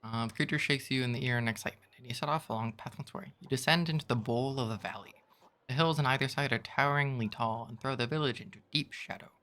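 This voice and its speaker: Bright-voiced man reading a gamebook. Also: medium pitch, quick pace. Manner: casual, chuckling asides. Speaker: streamer. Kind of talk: reading a gamebook aloud on stream.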